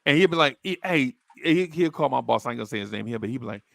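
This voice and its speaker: A man's voice: medium pitch, quick pace, gravelly, dry recording. A man hosting a casual sports podcast, telling stories and acting out the people in them. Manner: animated storyteller, acts out quotes. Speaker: podcast host.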